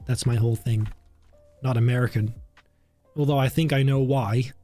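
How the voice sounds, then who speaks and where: A man's voice: medium pitch, steady tone, normal speed, warm tone. Chatty British man streaming a build. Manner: chatty and self-mocking, thinking aloud. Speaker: streamer building a theme park. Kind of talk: casual live-stream commentary. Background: faint background music.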